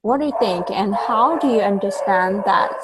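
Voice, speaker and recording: A woman's voice: medium pitch, animated, normal speed, very noisy. A woman giving a one-on-one English lesson over a video call, patient, stopping to explain words and correct pronunciation. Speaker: English tutor.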